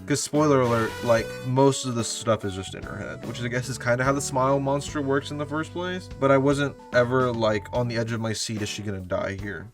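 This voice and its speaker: A man's voice: medium pitch, a little fast, few pauses, over music. A young man in his twenties reviewing movies in casual, rambling chat, full of fillers and swearing. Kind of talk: casual vlog commentary.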